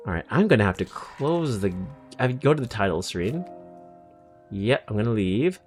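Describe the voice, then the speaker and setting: A man's voice: lowish voice, big pitch swings, moderate pace, soft background music. A man from Massachusetts doing casual game commentary as a streamer, joking, swearing and poking fun at himself. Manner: joking, swears, self-mocking.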